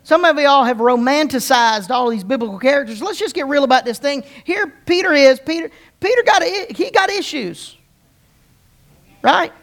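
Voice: sits high, lively intonation, normal speed, a bit bright. A pastor preaching a conversational sermon, often repeating words and restarting, and asking the congregation questions.

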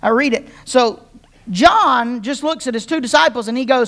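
A woman's voice: on the high side, moderate pace, fairly bright tone. A woman pastor giving a sermon, joking and telling stories with playful humor.

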